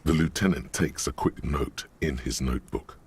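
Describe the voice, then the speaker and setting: A man voicing a grave inner narrator in a video game, reading slowly. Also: very deep voice, a little mellow, breathy edge, voice pushed down, full character voice.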